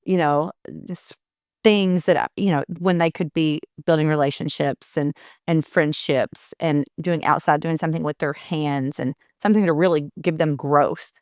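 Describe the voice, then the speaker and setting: A woman co-hosting a podcast, a mother telling stories in a casual, animated way and acting out the conversations she retells. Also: sits low, moderate pace, dry recording, studio quality. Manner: animated, retells conversations in quotes, frequent restarts. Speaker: podcast co-host; mother of boys.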